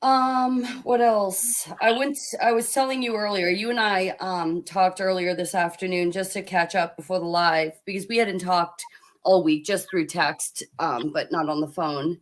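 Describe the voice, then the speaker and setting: A young woman co-hosting a casual live chat, giving opinions in a measured way with fillers. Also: lowish voice, steady tone. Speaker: co-host.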